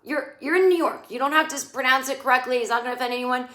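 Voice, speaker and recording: A middle-aged woman rants through a comedic, sarcastic recap of a TV episode, frequently mocking what the characters say. Her voice is high, fast, pushed and bright, in a casual comedic monologue. The room sounds echoey.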